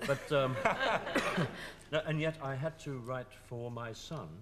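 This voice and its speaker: A man's voice: medium pitch, expressive, takes it slowly, fairly bright tone. An actor and scriptwriter talks about his work in a wry, self-deprecating way. His voice moves around a lot, with a little background noise. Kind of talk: TV interview.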